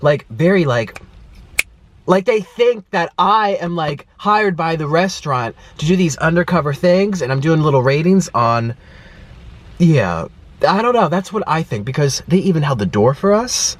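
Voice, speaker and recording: A man's voice: on the high side, very animated, normal speed, dry recording. A young man chatting to camera from his car, telling a story with lots of acted-out quotes. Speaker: food vlogger. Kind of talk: casual chat to camera.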